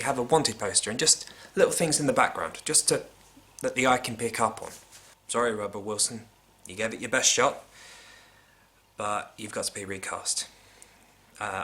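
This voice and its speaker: Bright-voiced man giving wry critique. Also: on the low side. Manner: opinionated, wry, drops to hushed asides. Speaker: vlogger reviewing a film. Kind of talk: casual critique monologue.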